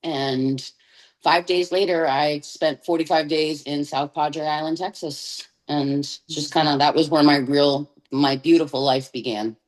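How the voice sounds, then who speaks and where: A woman with a notably low-pitched voice speaks as a guest on an interview podcast and gives her personal testimony. She tells it candidly and in vivid detail. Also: steady tone, unhurried, rough recording.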